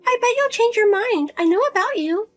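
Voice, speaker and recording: Woman voicing a pushy mother, high-pitched, lively, wheedling, guilt-tripping, family drama. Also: moderate pace, faint music behind. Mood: nagging, whiny. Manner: nagging, pleading, guilt-tripping. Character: pushy middle-aged mother, whiny and money-grabbing.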